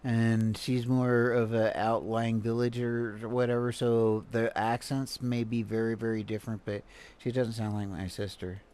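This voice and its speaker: A man's voice: medium pitch, flat delivery, measured pace, a little mellow, smooth. An American man hosting a livestream, giving casual, rambling commentary full of fillers and restarts. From United States. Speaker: livestream host reacting to a video.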